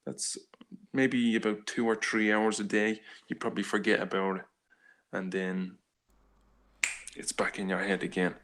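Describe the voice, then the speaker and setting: A man in his forties with a Dublin accent, chatting casually as a panelist on a live stream, talking in halting, rambling bursts with many restarts. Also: fairly low pitch, level tone, fairly bright tone. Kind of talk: casual chat.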